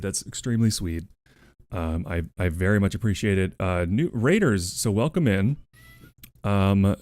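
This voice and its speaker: A man's voice: lowish voice, darkish tone, no room sound. A male streamer in casual livestream chat, playful and casually swearing, cooing at his pets while he talks to viewers on a close desk mic.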